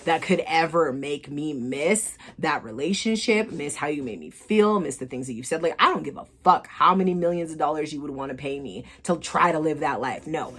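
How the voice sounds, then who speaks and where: A woman's voice: low voice, a bit bright. A young woman telling a candid storytime vlog, blunt and full of swearing, acting out both sides of old text messages. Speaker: vlogger.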